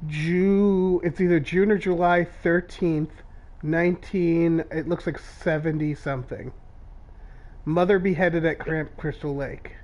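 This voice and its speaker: Slow-talking man, dull lo-fi sound. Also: on the high side, steady tone, darkish tone. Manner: swears a lot, drawn-out and anxious. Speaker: co-host playing a horror game. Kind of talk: casual gaming chat.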